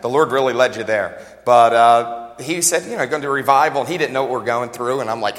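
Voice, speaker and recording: A man preaching a sermon as a pastor, talking fast and joking in a conversational way, recorded with long hall reverb in a church. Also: mid-range voice, fairly bright tone. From United States.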